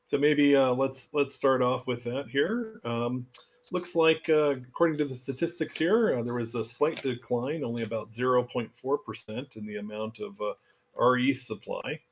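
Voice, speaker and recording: A man hosting a casual community call over a remote link, speaking in a relaxed, halting way with frequent fillers. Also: medium pitch. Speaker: host.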